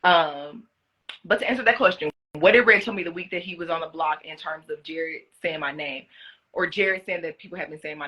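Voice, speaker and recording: A young woman in casual live-stream chat, answering fan questions about being a reality show contestant, talking in an animated way with many fillers. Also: lowish voice. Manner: chatty, animated, lots of "like" fillers. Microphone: phone.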